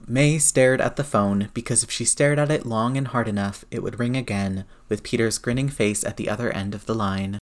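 A man's voice: lowish voice, normal speed, few pauses. Man narrating a story steadily.

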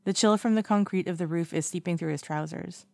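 A woman narrates fiction in a calm, even audiobook reading. Her voice is low with a gravelly texture, and the sound is dry and close. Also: fairly quick, no room sound.

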